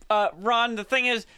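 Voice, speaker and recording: A man's voice: very high voice, bright, forceful tone, clean tone. A man playing a tabletop game, arguing his point firmly and insistently. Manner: firm, insistent, repeats points. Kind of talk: casual game chat.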